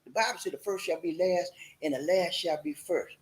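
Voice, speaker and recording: A man's voice: on the high side, fairly quick, poor audio. A man hosting a casual motivational talk, playful and preachy, slipping into sung and chanted lines. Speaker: host.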